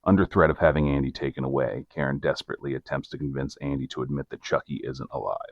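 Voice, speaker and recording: Very deep gravelly-voiced man narrating. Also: fairly even intonation, fast talker, no room sound, lo-fi sound. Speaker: podcast co-host narrating the case. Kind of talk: mock true-crime narration with banter.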